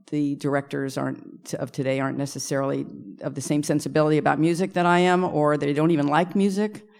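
A woman's voice: deep voice, darkish tone. A middle-aged woman composer telling rambling stories at a luncheon Q&A, often stopping to correct herself and adding laughing asides. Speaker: composer and arranger guest. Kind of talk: storytelling at a luncheon Q&A. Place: luncheon event room.

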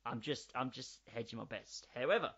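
Animated man chatting casually. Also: mid-range voice, brisk, husky. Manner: animated, swears freely, riffs on ideas. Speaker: podcast co-host. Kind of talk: casual chat. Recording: slightly dull lo-fi audio.

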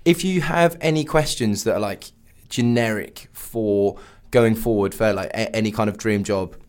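Chatty radio host, low voice. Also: male voice, moderate pace, a little mellow. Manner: chatty, rambling with many fillers. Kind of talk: casual radio banter.

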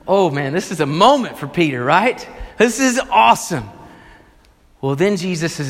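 A male pastor preaching a sermon, retelling a story with animated, emphatic delivery. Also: high voice, moderate pace, long reverb tail.

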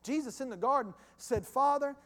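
A male pastor with a notably high voice preaches a sermon, emphatic and repetitive but conversational. His words echo with the long reverb of a church hall. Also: lively intonation, normal speed.

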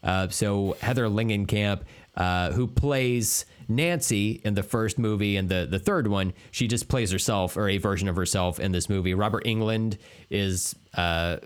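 A man's voice: on the low side, normal speed, clean tone. Laid-back man chatting about horror films. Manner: relaxed, rambling, lots of fillers, playful asides. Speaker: podcast co-host. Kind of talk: casual chat about horror movies.

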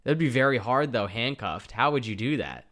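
A man's voice: medium pitch, expressive, normal speed, a bit bright. A young man co-hosting a podcast, casually recapping a TV episode and laughing often. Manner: laughs often, loose and chatty. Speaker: podcast co-host.

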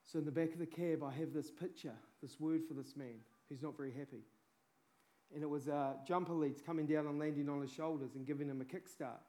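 A man's voice: fairly high pitch, fairly even intonation, fairly quick, mellow. A man preaching a sermon with fervent urgency, peppering it with casual slang.

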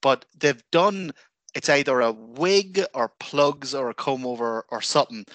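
A man's voice: medium pitch, a little slow, no room sound. A man co-hosting a radio chat, joking and poking fun at himself. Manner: jokey, self-mocking, lively reactions. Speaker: radio co-host. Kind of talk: casual chat.

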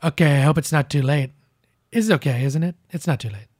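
A man reading the lines of a boastful male head of state on a late-night phone call, in a flattering, rambling way, as a comic read-through of a transcript. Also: on the high side, a little fast, dry recording, clean studio sound, lightly acted.

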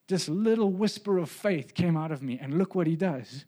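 A man's voice: fairly high pitch, moderate pace, few pauses, a little mellow. A man, a pastor, telling a personal story in a sermon, earnest and building to emphatic preaching.

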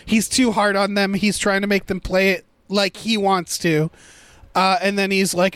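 A man's voice: high-pitched, level tone, moderate pace, fairly bright tone, smooth, no echo. A man in a casual movie review chat, rambling and thinking aloud as he picks apart a plot.

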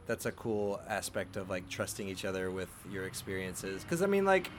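A man hosting a podcast interview, calm and affirming, often ending points with "right?". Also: low voice, moderate pace, a little hiss or hum. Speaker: podcast host. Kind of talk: reflective interview talk.

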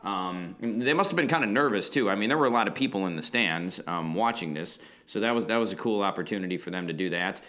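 A man's voice: fairly low pitch, quick pace, hardly any pauses, fairly bright tone. A man co-hosting a podcast, chatting casually and rambling with lots of restarts and fillers. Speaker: podcast co-host. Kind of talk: casual chat.

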